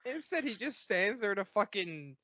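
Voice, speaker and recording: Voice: mid-range voice, big pitch swings, normal speed, pushed and bright. A podcast co-host in casual chat, ranting animatedly and swearing. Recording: dull lo-fi podcast audio.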